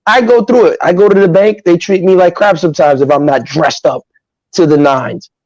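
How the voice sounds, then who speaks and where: A man from Nigeria speaks as a guest in a casual podcast chat, telling his stories in an animated, emphatic way. His voice sits a little high. The sound is dry and close, with no room echo. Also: moderate pace, dull audio. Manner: animated, emphatic storytelling with frequent asides.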